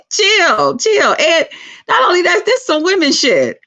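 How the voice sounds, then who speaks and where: A woman hosting a casual livestream chat, telling stories in a profane, animated way. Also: very high voice, slow pace. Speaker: livestream host. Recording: lo-fi dull sound.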